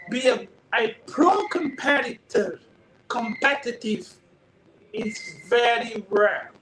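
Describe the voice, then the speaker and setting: Guy with a really high bright voice, emphatic non-native english, on his phone. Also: slight background noise, poor audio. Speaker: guest. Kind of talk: casual interview over a call.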